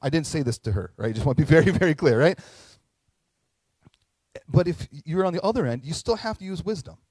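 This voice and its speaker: Earnest middle-aged pastor, dry close sound. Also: male voice, fairly high pitch, expressive, fairly quick, darkish tone, dry recording. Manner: conversational, earnest storytelling with acted quotes. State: tearing up at moments. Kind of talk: sermon.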